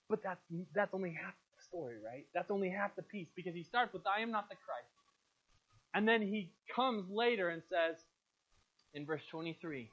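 Emphatic preacher, high husky voice. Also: male voice, expressive, normal speed, fairly bright tone. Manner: emphatic, asks the congregation questions. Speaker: pastor. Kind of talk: sermon. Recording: muffled lo-fi recording.

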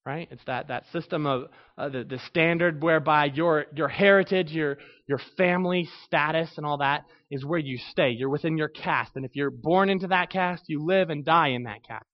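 A man's voice: a little high, normal speed, few pauses, lo-fi sound. A man preaching a conversational sermon, asking his listeners questions and answering them. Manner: conversational, asks the audience questions. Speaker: pastor.

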